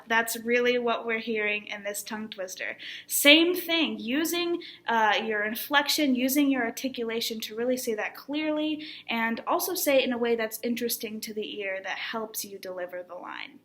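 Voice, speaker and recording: A woman teaching an online acting class, speaking with clear, deliberate articulation and an encouraging manner. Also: fairly high pitch, sharp tone. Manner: encouraging instructor.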